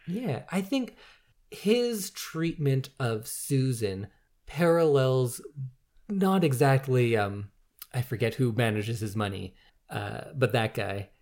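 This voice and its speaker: Man co-hosting a casual film talk, mid pitch, lively and chatty. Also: slow pace. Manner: animated, thinks aloud with fillers.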